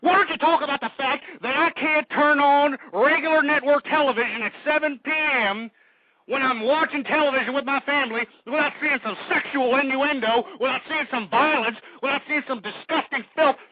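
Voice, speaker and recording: High-pitched man ranting on talk radio. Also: fairly quick, no echo. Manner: indignant, shouting insults, repetitive rhetorical questions. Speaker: call-in radio talk show host. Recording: dull lo-fi internet radio audio.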